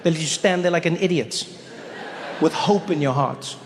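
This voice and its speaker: A man performing a stand-up comedy set, telling stories in an animated way with sudden exaggerated voices. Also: on the high side, moderate pace. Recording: long hall reverb, faint noise.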